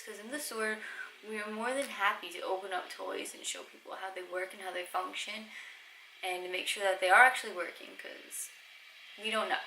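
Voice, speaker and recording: A woman's voice: medium pitch, moderate pace, pushed and bright, reverberant, a little hiss or hum, low-quality recording. A woman in her twenties telling stories to camera in a casual, chatty way, swearing freely. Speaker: vlogger. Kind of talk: casual storytime.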